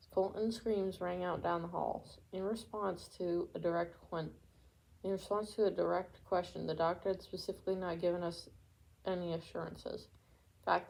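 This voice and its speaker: A woman reading a memoir aloud chapter by chapter, steady, with occasional stumbles and restarts. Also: fairly low pitch, creaky, low-quality recording. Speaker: audiobook reader. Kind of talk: amateur book reading aloud.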